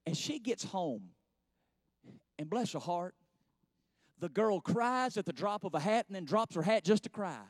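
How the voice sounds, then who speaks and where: A man preaching in church, his voice sitting high and sounding dry and close. He tells homespun stories and builds into fervent, ringing passages. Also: expressive, a little slow, pauses often, no room sound. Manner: folksy storytelling, rising to fervent preaching. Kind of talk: sermon.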